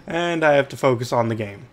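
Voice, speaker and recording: A man giving rambling gameplay commentary at home, chatty and quick to yelp when the game gets tense. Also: medium pitch. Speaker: let's play host.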